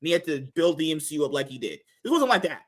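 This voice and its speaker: A young man hosts a casual podcast and rants with profanity, his voice swinging widely in pitch. He sits a little higher than most men. It is loose, heated, unscripted chat. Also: rapid-fire. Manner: animated, ranting, profane. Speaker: podcast host.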